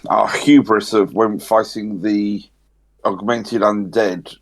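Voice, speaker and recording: Low gravelly man. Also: fairly even intonation, takes it slowly. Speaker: player. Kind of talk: casual tabletop chat.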